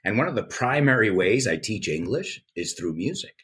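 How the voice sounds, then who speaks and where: A middle-aged man with an animated, playful way of talking, a guest in a casual interview. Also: lowish voice, normal speed, slight background noise. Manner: animated storyteller, playful, lively delivery. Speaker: guest, English teacher and radio presenter.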